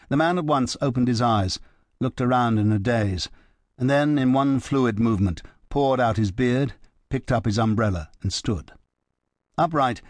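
A man narrating an audiobook in a measured, even manner. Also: lowish voice, no echo, studio quality. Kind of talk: scripted narration.

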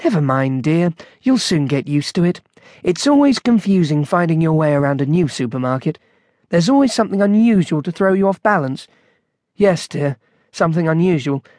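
A man voicing a mild, muddled elderly gentleman, speaking vaguely and uncertainly. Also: on the high side, lively intonation, normal speed, no echo, studio quality, lightly acted. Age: older.

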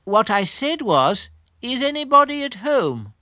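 A man's voice: extremely high pitch, very animated, measured pace, pushed and bright, dry recording, clean studio sound, pitched above the performer's own voice, heavily acted. A man voicing a mild, earnest bear of little brain in an audiobook, talking in a ponderous, slightly muddled way. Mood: calling. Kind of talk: audiobook character reading.

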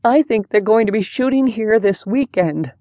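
A woman voicing a friendly older boy cousin who shares news slowly and excitedly. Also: medium pitch, no echo, close to an everyday voice.

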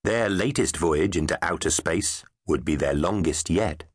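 A man's voice: low voice, unhurried, breathy edge, no echo. A man narrating a children's storybook in a playful, emphatic way. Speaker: audiobook narrator. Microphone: studio microphone. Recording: dry close studio sound.

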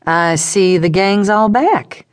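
A woman reading a brisk, unflappable nurse. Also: medium pitch, animated, no echo, clean studio sound, voice pushed up.

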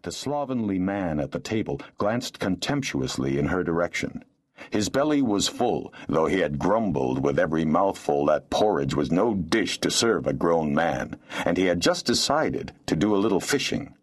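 A man reading a fantasy novel aloud as an audiobook narrator, with expressive storytelling. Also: sits low, normal speed. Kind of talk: scripted narration.

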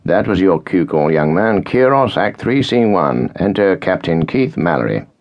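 A man reads a grave senior British officer who speaks in measured, authoritative tones. The voice is very deep and gravelly, and the audiobook recording is dull. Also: big pitch swings, heavily acted.

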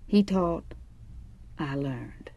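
A woman reads a first-person novel aloud with measured, wry storytelling. Her voice sits low and mellow. The recording is close and completely dry, with no room sound. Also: expressive, creaky, husky, dry recording, muffled recording. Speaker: audiobook narrator. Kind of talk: first-person audiobook narration.

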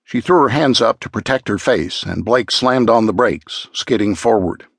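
Male audiobook narrator, low-ish husky voice, measured dramatic read, dry close mic. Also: dry recording. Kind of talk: scripted narration.

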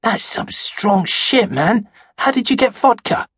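A man's voice: sits high, lively intonation, unhurried, a bit bright, slightly rough, dry recording, studio quality, pitched above the performer's own voice, full character voice. A man doing a slangy teen boy. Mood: surprised. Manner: loose, slangy. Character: bored teenage boy at a party.

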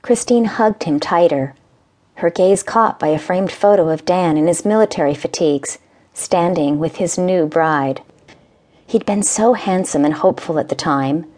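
A woman narrating a romance audiobook in a gentle, measured storytelling manner. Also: lowish voice. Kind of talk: scripted narration.

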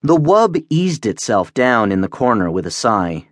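Male audiobook narrator, measured, slow, lively pitch, dry close studio sound. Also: no echo. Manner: measured, expressive reading. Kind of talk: scripted narration. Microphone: close studio mic.

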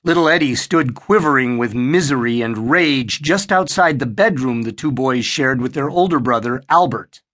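A man narrating a horror audiobook in an expressive storytelling style. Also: mid-range voice, moderate pace, few pauses. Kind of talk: scripted narration.

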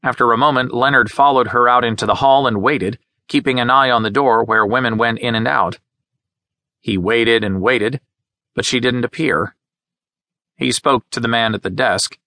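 Dry, bright-toned male audiobook narrator. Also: medium pitch, moderate pace, no echo. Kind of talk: scripted narration.

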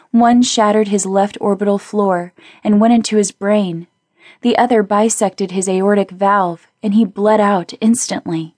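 A woman reading a novel aloud as an audiobook narrator, in a measured, steady way. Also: no room sound, studio quality. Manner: measured, voices characters with small pitch shifts. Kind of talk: scripted narration.

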